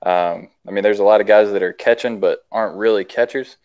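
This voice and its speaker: Smooth low male voice, muffled lo-fi sound. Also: fairly even intonation, darkish tone. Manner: measured, listing points with fillers. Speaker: assistant baseball coach. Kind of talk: casual interview answer. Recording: dull lo-fi audio.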